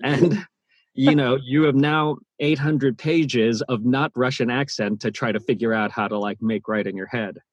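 Guy narrator talking shop, lots of restarts, bit husky. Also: mid-range voice, a little slow, no room sound, dull audio. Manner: animated, many restarts and repeated words. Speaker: audiobook narrator and voice actor. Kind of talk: interview conversation.

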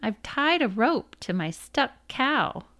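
A woman's voice: on the high side, very animated, takes it slowly, fairly bright tone, pitched above the performer's own voice, full character voice. A woman voicing a clever, sly little male rabbit trickster with a wheedling manner in a storybook reading. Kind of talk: storybook read-aloud.

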